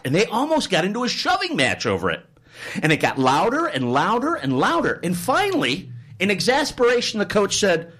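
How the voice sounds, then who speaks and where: A man's voice: high-pitched, moderate pace. A man hosting a radio talk show, telling an anecdote and joking with his guest in the studio. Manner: animated storyteller, joking. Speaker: radio host. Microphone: studio microphone.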